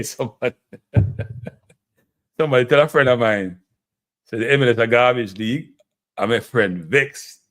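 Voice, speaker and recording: A man with a Jamaican accent hosting a live stream, talking football in an excitable, emotive way and laughing often. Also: mid-range voice.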